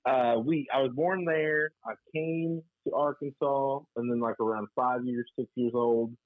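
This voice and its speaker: A man answering as a guest in a casual chat, hesitant with many pauses and ums. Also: mid-range voice, fairly even intonation, no room sound. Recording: tinny phone-like dry line.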